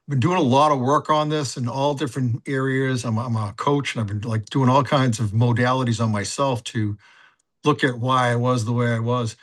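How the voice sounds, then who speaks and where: An older man, a recovery sponsor and coach, talks candidly about his past while working through a personal inventory aloud, in a casual, confessional testimony. His speech is halting and rough, full of fillers and restarted phrases, at an ordinary middle pitch for a man.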